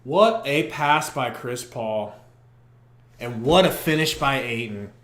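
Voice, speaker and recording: A young man doing live fan play-by-play on a podcast stream, muttering then shouting as plays unfold, on a poor microphone. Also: medium pitch, slow, roomy sound. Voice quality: profane, partisan fan commentary. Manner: excitable, swings from muttering to shouting. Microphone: poor quality microphone.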